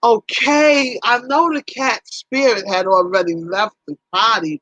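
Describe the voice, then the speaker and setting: A woman's voice: fairly high pitch, unhurried, hardly any pauses, no room sound. Livestream host, woman, chatty and exclaiming, teases viewers, dull dry recording. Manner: animated, exclaiming, teasing viewers by name. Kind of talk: casual livestream chat.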